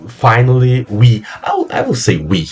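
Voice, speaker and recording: A young Brazilian man hosting his own podcast in English as a second language, halting and repeating words, swearing casually. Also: mid-range voice, wildly swooping pitch, soft background music. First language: Portuguese. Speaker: podcast host. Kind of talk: casual solo podcast monologue.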